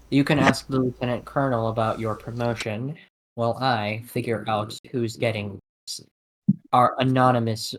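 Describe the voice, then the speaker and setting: A man running a tabletop game as game master, narrating and speaking for characters in a measured way. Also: mid-range voice, low-quality recording.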